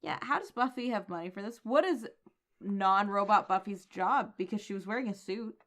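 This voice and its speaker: A woman co-hosting a comics podcast, calm and even-handed, raising quizzical questions. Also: medium pitch, normal speed. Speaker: podcast co-host. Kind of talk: casual comics recap chat.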